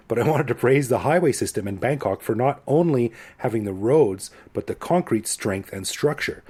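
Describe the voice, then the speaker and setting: A Canadian man in his forties co-hosting a podcast, talking in a relaxed, self-deprecating way. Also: mid-range voice, breathy edge. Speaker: podcast co-host. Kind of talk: casual chat.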